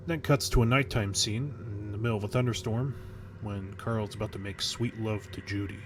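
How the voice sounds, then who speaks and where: A man with a fairly low voice tells a horror story in a casual, crude way. He stumbles over nervous restarts now and then. A faint hum sits behind the recording. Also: fairly even intonation, normal speed. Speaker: narrator. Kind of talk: creepypasta storytelling.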